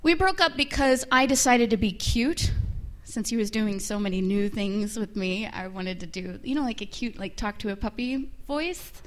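A young woman performing a bawdy, animated stand-up comedy set. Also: medium pitch, moderate pace, hardly any pauses.

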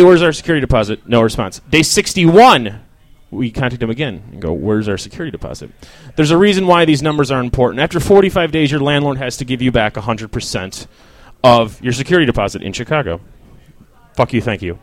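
Lively, rambling male stand-up comic. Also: mid-range voice, no room sound. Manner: rambling, self-deprecating, swears, riffs with the crowd. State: feeling sick. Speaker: stand-up comedian. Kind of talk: stand-up comedy set.

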